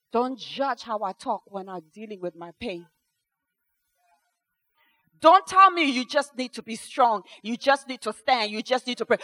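A woman preaching a sermon with passion, swinging from hushed tones to shouting and repeating phrases for emphasis. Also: high voice, low-quality recording.

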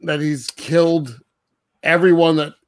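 A man's voice: a little high, fairly even intonation, a little slow. A man co-hosting a podcast, loosely retelling a film in casual chat with lots of fillers and frequent laughs. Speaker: podcast co-host. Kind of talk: casual movie discussion.

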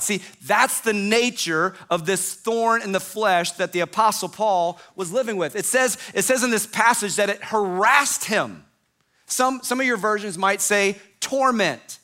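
Bright, high-voiced male pastor preaching. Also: a little slow. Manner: emphatic, repetitive preaching with falling phrase endings. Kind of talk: sermon.

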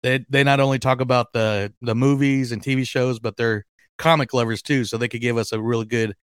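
Man, podcast host, casual chat, excitable, rambling, smooth voice, dry sound. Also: mid-range voice, fairly quick, no room sound. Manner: excitable, rambling with many fillers and restarts.

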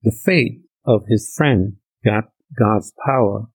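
A man preaching a casual sermon, telling scripture stories in a conversational, slangy way and acting out the characters' lines with sudden jumps in pitch. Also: slow pace, vocal fry, husky, low-quality recording.

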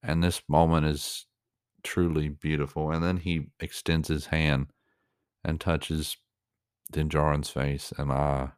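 A man with an extremely low voice talks through a reaction commentary in a level, unvaried tone. He rambles and restarts, searching for words with plenty of fillers, earnest and clearly moved. The sound is dry and close, with no room around it. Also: flat delivery, slow, no room sound.

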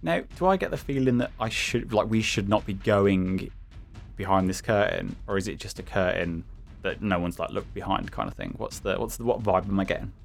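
A man playing a tabletop game, asking eager, quick questions. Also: on the low side, big pitch swings, vocal fry, soft background music. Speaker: player. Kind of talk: tabletop role-play chat.

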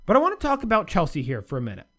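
Animated sarcastic sports host, man. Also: rapid-fire. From United States. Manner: animated, sarcastic ranting with big pitch swings. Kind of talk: solo sports commentary show.

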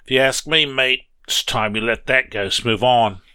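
A man's voice: mid-range voice, normal speed, sharp tone, clear, resonant tone, no room sound, pitched above the performer's own voice, close to an everyday voice. A man voicing a folksy, jovial old railwayman with a hearty, drawling in a storybook reading.

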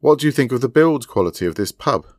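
A man voicing a courteous, enigmatic older male sleuth who asks polite, measured questions. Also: mid-range voice, lively intonation, dry recording, clean studio sound, pitched above the performer's own voice, close to an everyday voice.

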